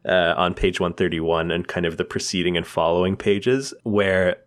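A man's voice: deep voice, steady tone, normal speed. A man co-hosting a podcast, chatting casually and laughing often between thoughts. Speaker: podcast co-host. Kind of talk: casual chat about comics.

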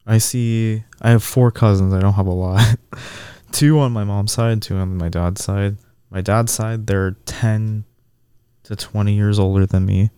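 A man co-hosting a casual podcast, talking in a relaxed, reflective way and laughing easily. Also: fairly low pitch, unhurried, smooth, no echo. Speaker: podcast co-host.

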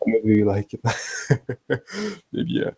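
A French man with a French accent, a guest speaking English as a second language in a casual chat, halting and searching for words. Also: mid-range voice, darkish tone, husky, low-quality recording. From France. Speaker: podcast guest.

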